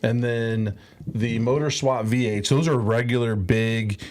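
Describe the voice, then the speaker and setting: A man's voice: medium pitch, steady tone, a little slow, a little mellow. A man co-hosting a casual podcast, patiently explaining details. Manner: patient, explains things plainly. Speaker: podcast co-host.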